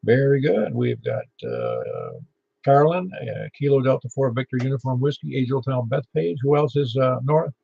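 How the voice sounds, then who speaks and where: A gravelly, husky-voiced man with a Middle Tennessee accent runs an amateur radio net in a joking, folksy way. His voice comes through a dull, lo-fi radio transmission. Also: medium pitch, sing-song, normal speed. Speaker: net control operator. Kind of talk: ham radio net chat.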